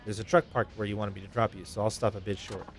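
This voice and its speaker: A man reading game lines aloud, voicing a calm, polite taxi driver who speaks low and measured. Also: faint music behind, natural voice. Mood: stoic.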